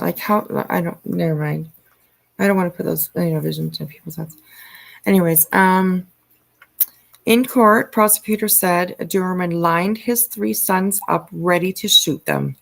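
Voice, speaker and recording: A woman hosting a livestream, reading news aloud and commenting in a halting way with frequent ums and uhs. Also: fairly low pitch, creaky. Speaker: livestream host.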